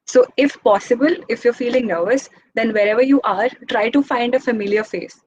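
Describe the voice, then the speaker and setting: Quick, chatty young woman giving a talk. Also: fairly high pitch, darkish tone, muffled recording. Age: young adult. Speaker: guest speaker. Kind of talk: informal online talk.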